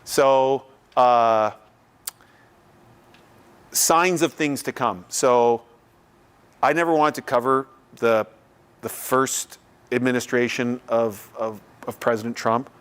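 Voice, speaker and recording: A man's voice: mid-range voice, slow, pauses often, a bit bright, smooth. A man from Canada, giving a casual, conversational lecture and taking questions in a lecture room. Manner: conversational, loose, acts out others' voices. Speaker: visiting artist giving a lecture.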